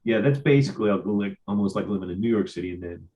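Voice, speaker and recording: Lower-voiced Midwestern man hosting. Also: fast, warm tone, highs cut off. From Ohio. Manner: chatty storyteller, stammers and repeats. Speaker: host. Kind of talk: casual interview chat.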